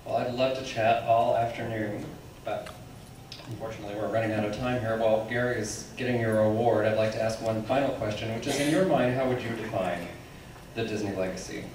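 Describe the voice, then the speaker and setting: A man moderating a convention panel, talking quickly as he wraps up. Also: on the low side, fairly even intonation. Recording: echoey hall, far off, noise.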